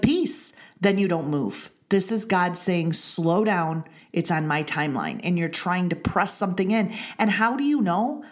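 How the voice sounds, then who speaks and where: A woman leading a women's ministry, giving an earnest devotional teaching and repeating key phrases for emphasis. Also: fairly low pitch.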